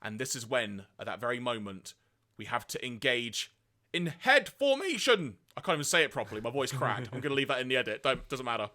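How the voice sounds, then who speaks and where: A man co-hosting a podcast, retelling episodes in a lively way and acting out quoted lines. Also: quick pace. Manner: lively storytelling, acts out quoted lines in high voices. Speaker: podcast co-host. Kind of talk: casual podcast recap.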